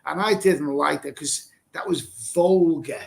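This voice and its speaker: A man's voice: fairly high pitch, measured pace, vocal fry. A middle-aged man from England hosting a live stream, reading out viewer comments and reacting in a blunt, rambling way, swearing casually and repeating himself. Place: Thailand.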